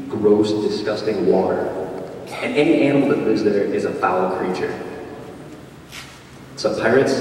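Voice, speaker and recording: A man giving a playful comic speech at a job club, telling a story with animated timing in a large meeting hall. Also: fairly low pitch. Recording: distant echoey hall, faint noise.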